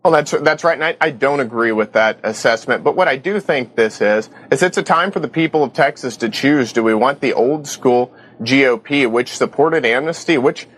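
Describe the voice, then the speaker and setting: A man's voice: mid-range voice, moderate pace, a bit bright. A man answering an interview question, talking assertively in campaign points. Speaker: politician in interview.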